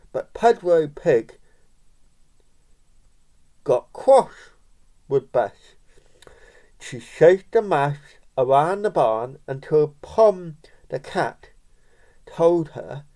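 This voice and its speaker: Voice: medium pitch, warm tone. A parent reading a picture book aloud to a child, breaking off for chatty asides and little laughs.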